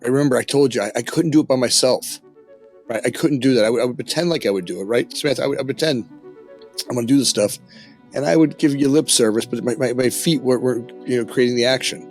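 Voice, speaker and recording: A man's voice: medium pitch, quick pace, soft background music. A middle-aged man, a company founder guest on a podcast, talking in a casual, reflective way, often restarting and tagging his lines with "right?". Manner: frequent restarts and tag "right?", earnest storytelling. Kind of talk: casual reflective interview talk.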